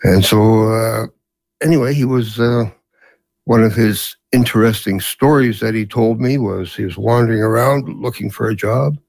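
A man's voice: fairly low pitch, moderate pace, gravelly, a little mellow, no room sound. A man in his seventies who grew up in Canada, telling family stories as an interview guest in a rambling way with many fillers. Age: 70s. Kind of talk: storytelling in a casual interview.

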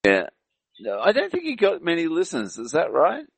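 A man co-hosting an internet radio show, chatting casually in a rambling, halting way. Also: fairly high pitch, wildly swooping pitch, creaky, husky, dry recording.

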